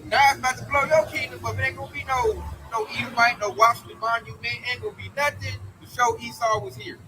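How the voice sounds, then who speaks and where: A man's voice: very high-pitched, steady tone, brisk, over music, low-quality recording. A man preaching an informal sermon in a fervent, slangy, emphatic way. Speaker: street preacher.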